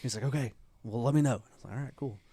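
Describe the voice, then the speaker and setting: A man at a mid pitch, talking close to the mic in a dry, unreverberant sound. He co-hosts a casual podcast and spins a rambling anecdote, slipping into the voices of the people he quotes. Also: racing, mellow, husky, no room sound. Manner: rambling storyteller, acts out quoted dialogue. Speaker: podcast co-host. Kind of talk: casual chat.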